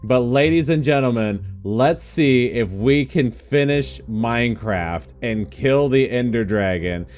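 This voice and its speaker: An excitable man narrates his game as he plays, his pitch leaping around as he jokes and yelps. Faint game music runs quietly behind his voice. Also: a little slow, few pauses. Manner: excitable, jokey, yelps and laughs. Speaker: gaming YouTuber. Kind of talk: Let's Play commentary.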